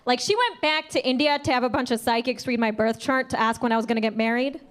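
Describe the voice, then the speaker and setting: A woman's voice: on the high side, quick pace. A young adult woman doing a brash, punchy stand-up comedy set on a club stage, talking into a handheld mic. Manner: brash, punchy delivery with acted voices. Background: audience laughter.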